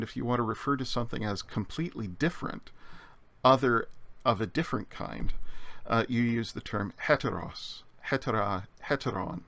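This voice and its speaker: A man teaching Greek vocabulary in a measured lecture, explaining slowly with frequent pauses and fillers. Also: mid-range voice, fairly bright tone, no room sound. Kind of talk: recorded lecture.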